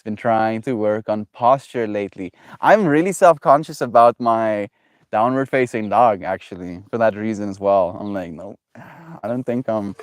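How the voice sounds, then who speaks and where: A man livestreaming, chatting casually with viewers in a gentle, self-affirming, meandering way, laughing often. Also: fairly low pitch, clean tone, no echo, studio quality. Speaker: daily livestreamer. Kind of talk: casual reflective chat with viewers.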